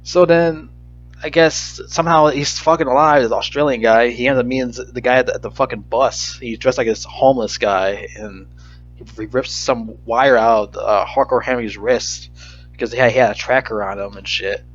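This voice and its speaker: A man rambles through a frustrated, profanity-laden movie rant at a middling pitch. The audio is slightly dull and lo-fi, with faint music playing underneath. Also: normal speed. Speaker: movie reviewer. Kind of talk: casual rant review.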